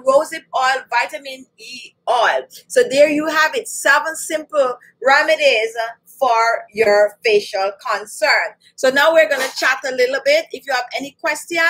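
A woman's voice: high voice, fairly bright tone, rough recording. A woman hosting a beauty channel, talking casually and directly to her viewers as she runs through home remedies and answers questions. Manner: chatty, repeats lists, addresses viewers directly. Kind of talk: casual live-stream skincare chat.

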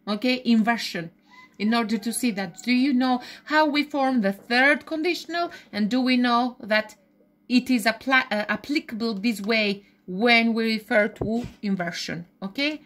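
A woman teaching English grammar. Her voice sits slightly high, and she explains step by step. She keeps checking with "okay?" and restarts her sentences as she goes. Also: moderate pace, a bit bright. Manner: frequent restarts and self-corrections. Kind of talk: grammar lesson.

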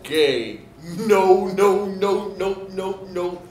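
A man's voice: high-pitched, lively intonation, a crowd in the background, heavily acted. A man playing a dim, earnest young football player in a comedy sketch, speaking in simple broken phrases. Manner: slow, simple broken speech. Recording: roomy studio echo.

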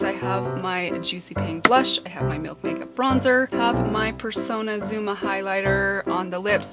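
A woman beauty vlogger chatting casually to camera in a friendly way, musing aloud as she talks. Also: medium pitch.

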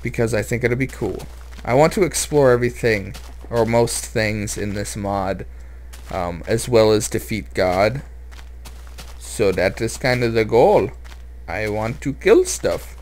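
A man's voice: fairly low pitch, unhurried, a little mellow, slight background noise. A man commenting on his own game as he plays, rambling, joking and sounding a little nervous. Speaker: let's play host. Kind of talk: gameplay commentary.

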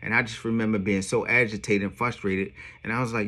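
A man's voice: on the low side, brisk. A man telling his own story in a casual monologue, full of slang and emphatic asides. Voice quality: streetwise slang with frequent "yo" and profanity. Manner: animated, emphatic retelling. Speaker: songwriter vlogger.

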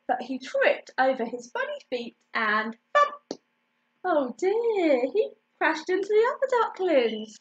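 A woman reads a children's picture book aloud, slow and expressive, stopping to ask little listeners questions. Her voice is very high and swoops with feeling, on a dull, lo-fi recording. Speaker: storytime reader.

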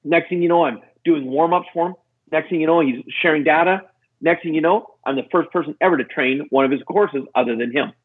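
A man's voice: fairly quick, husky. A middle-aged man telling a story as a podcast guest, acting out the voices of the people in it. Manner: acts out quoted voices, lively pitch jumps. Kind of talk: animated storytelling. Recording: tinny phone-like line.

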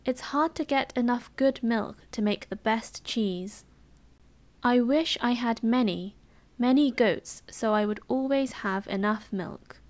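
An earnest, worried cheese seller played by a woman in whispered role-play. His lines come in a fretful British English accent. The delivery is slow and a little high. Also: darkish tone, close to an everyday voice. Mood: mild. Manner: plain, fretful.

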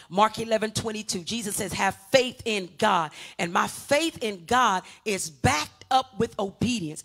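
A woman pastor preaching a sermon, urging the congregation on with call-and-response and swinging from loud emphatic peaks to quiet teaching. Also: mid-range voice.

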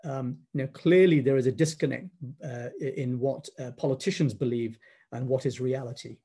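A man gives a public talk in a thoughtful, halting way, pausing to find his words. His voice is warm and mellow, with a slightly husky texture. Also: medium pitch. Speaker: guest speaker. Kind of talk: public lecture.

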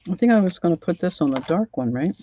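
A woman's voice: on the low side, animated, fast, warm tone, lo-fi sound, slight background noise. A woman hosting a craft livestream who rambles and thinks aloud as she works, often trailing off mid-sentence. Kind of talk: casual crafting tutorial.

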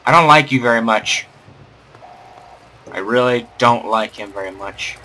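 A man's voice: medium pitch, unhurried, pushed and bright, slight background noise. A young man doing playful, sarcastic game commentary, rambling and joking at the screen. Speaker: gamer doing a let's play.

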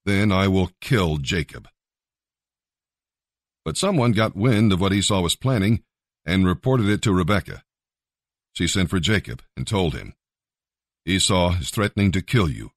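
Deep-voiced man reading scripture. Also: no echo, clean studio sound. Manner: measured, earnest delivery. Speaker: Bible reader. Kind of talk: scripture reading with short devotional comments. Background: faint music.

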